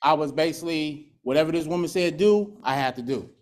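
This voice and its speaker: A man tells his story in a blunt, streetwise way, acting out the voices of family and friends. His voice sits a little higher than most men's. He speaks candidly about a hard past at a recovery meeting. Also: fairly quick. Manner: candid, streetwise storytelling with laughs and acted quotes. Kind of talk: personal testimony at a recovery meeting.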